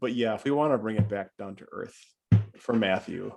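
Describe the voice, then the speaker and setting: A man's voice: fairly low pitch, fairly quick, creaky, music in the background. A man with a Wisconsin accent and a slightly nasal voice, hosting a casual garden podcast with plenty of fillers. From Wisconsin, Oshkosh. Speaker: podcast host.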